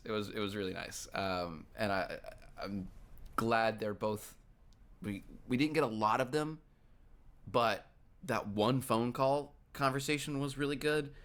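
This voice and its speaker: A man with a lowish voice muses through a casual film review chat as a podcast co-host. He talks in a hesitant, reflective way, pausing and filling gaps as he gathers his thoughts. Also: fairly bright tone. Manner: hesitant and reflective, many fillers.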